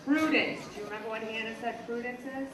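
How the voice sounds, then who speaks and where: At a school assembly award presentation, a woman teacher praises young students one by one, speaking warmly to the children in a fairly high, fast voice. The hall is echoey, the mic is distant, and crowd noise can be heard.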